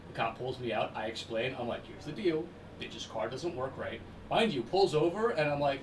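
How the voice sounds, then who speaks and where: A man tells rowdy stories in a loose, profane, animated way. His voice sits back from the microphone in a roomy space, and steady noise runs behind him. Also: mid-range voice, normal speed. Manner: animated, profane, laughing storyteller. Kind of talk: casual storytelling. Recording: distant roomy mic with background noise.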